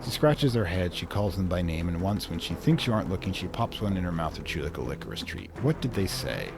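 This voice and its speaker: Man, let's play host, very deep voice, lively intonation, casual musing, reading game text. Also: fairly quick, noisy background. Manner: casual, musing, thinking aloud.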